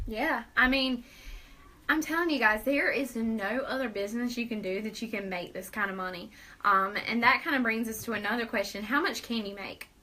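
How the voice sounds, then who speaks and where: A bright, high-pitched young woman hosts a casual live video chat. She talks in an upbeat, persuasive way and laughs often. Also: brisk, low-quality recording. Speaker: host.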